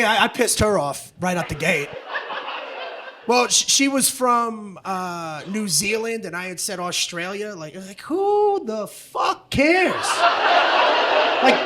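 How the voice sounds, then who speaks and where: A middle-aged man doing stand-up comedy on a club stage, brash, profane and often shouting. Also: high-pitched. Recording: live club audio with background noise.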